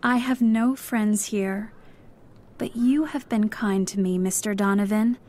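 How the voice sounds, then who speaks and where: A woman voicing a lonely young woman in mourning, speaking softly and wistfully in a storybook reading. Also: mid-range voice, steady tone, a little slow, voice pushed up, lightly acted. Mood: sorrowful.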